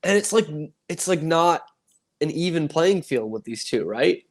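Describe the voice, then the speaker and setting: A man's voice: on the high side, animated, unhurried. A man co-hosting a casual sports podcast, ranting in a rambling way and acting out quoted voices. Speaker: podcast co-host.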